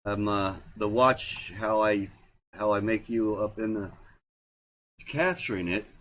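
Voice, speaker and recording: A man's voice: on the low side, a little slow, a bit bright, slight background noise. Rambling man hosting a livestream. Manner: rambling, repeats himself, trails off. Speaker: livestream host. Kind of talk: casual livestream chat.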